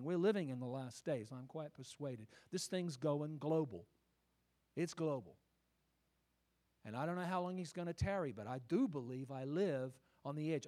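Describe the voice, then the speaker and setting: A man preaching a sermon, emphatic and rhetorical, swinging from quiet asides to loud declarations. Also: fairly high pitch.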